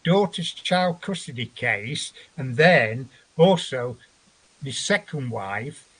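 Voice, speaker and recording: A man's voice: mid-range voice, animated, slow, fairly bright tone, slightly rough. A man, a guest telling a long story in a rambling, profane way and acting out what others said. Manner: rambling, profane, acts out quotes. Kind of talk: animated storytelling in a chat show.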